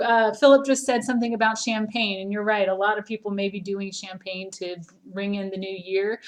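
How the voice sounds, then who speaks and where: A woman's voice: medium pitch, steady tone, brisk, hardly any pauses. Chatty woman with a mild Southern lilt. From Charleston, South Carolina, US. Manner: chatty and rambling, many ums and restarts. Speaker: art teacher. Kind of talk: casual livestream class talk. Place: at home.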